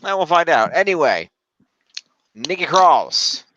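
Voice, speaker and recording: A man co-hosts a casual podcast, rambling through recaps and tallying points aloud. His pitch moves around a lot as he talks. He is recorded on a dull, lo-fi microphone with a dry sound. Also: big pitch swings, slow pace, pushed and bright, no echo. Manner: rambling, counts points aloud, trails off while looking things up. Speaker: podcast co-host scoring a fantasy league. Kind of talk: casual chat.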